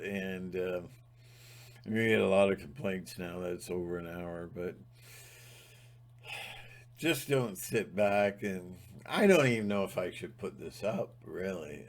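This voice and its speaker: A man's voice: deep voice, normal speed. A man giving a rambling, emphatic spiritual monologue, sometimes breaking into mocking mimicry. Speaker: spiritual vlogger.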